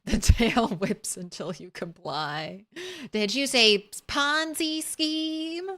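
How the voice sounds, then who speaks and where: A woman's voice: on the high side, slow, a bit bright. A woman streaming a video game, chatting casually and playfully with her viewers and talking to her cat between jokes. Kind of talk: casual livestream chat while gaming.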